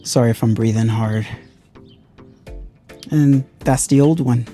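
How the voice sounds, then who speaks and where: Mellow man talking through a repair. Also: mid-range voice, slow, soft background music. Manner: thinks aloud while working, loose and conversational. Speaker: car DIY reviewer. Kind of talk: casual hands-on walkthrough.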